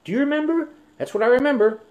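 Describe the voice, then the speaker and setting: Between songs on his live stream, an older musician rambles through stories, constantly restarting and filling gaps. His voice is very high-pitched and narrow, and the audio is tinny.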